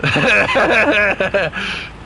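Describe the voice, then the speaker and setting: A man's voice: high voice, animated, very slow, background noise. A man, chatting casually with teammates and chat while streaming a game, laughing often. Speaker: gaming streamer. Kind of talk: casual live gameplay chat.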